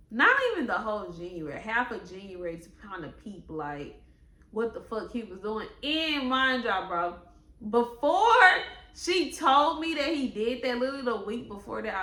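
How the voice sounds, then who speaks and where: Animated young woman with a vivid storytime voice. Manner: animated and profane, with sudden high outbursts; quotes others in a slower voice. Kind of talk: storytime vlog. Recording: echoey room.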